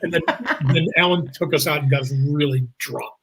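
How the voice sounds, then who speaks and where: Brief: guest actor, husky, animated anecdote teller. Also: male voice, fairly high pitch, normal speed, low-quality recording. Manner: animated, jumps into voices, laughs through stories. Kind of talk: anecdotal storytelling.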